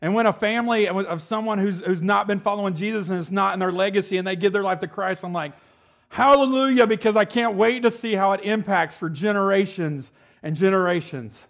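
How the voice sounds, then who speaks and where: Giving a joking, conversational sermon, a forties-aged pastor often checks in with his congregation by asking "right?" His voice is high and gravelly, steady in tone, and brisk.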